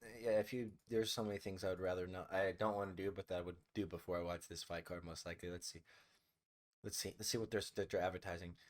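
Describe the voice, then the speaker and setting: This young podcast co-host has a low voice and a steady tone, talking at a quick pace. The conversation is casual chat, peppered with his dry, sarcastic, half-mumbled asides.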